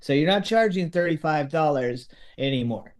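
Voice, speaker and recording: A man telling a story in lively podcast chat, acting out what others said. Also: a little high, normal speed. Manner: lively, acts out quotes of others.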